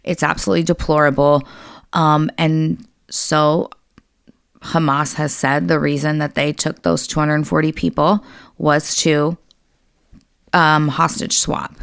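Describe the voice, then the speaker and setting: A woman's voice: low voice, level tone, measured pace, gravelly, clean tone, no room sound, studio quality. A woman co-hosting a casual podcast chat, talking bluntly and venting with a lot of swearing. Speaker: podcast co-host.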